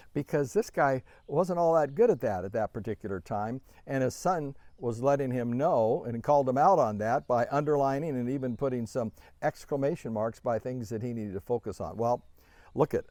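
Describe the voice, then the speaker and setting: A man's voice: mid-range voice, warm tone, no echo. A middle-aged man, an author and speaker, telling an anecdote with many fillers and restarts, lifting his voice to act out the quoted lines. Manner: acts out quoted dialogue with lifted voice. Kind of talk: storytelling talk.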